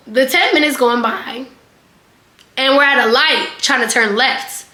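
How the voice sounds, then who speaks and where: A young woman vlogger telling a casual storytime, chatty and animated, full of fillers and swearing. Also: sits high, measured pace, reverberant.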